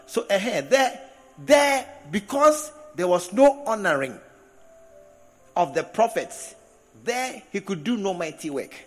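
A man preaches a sermon in a high, lively voice that swoops up and down. He breaks into laughing asides and stretches key words for emphasis. The sound carries the long echo of a big hall with faint music behind it. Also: measured pace. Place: large hall with congregation. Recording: echoey hall from a distance.

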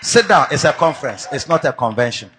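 A Ghanaian man preaching a sermon to a church conference, dropping to low asides and rising to loud shouts, mixing English with Twi phrases. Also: expressive, brisk, noisy background. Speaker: pastor. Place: church conference hall with a congregation.

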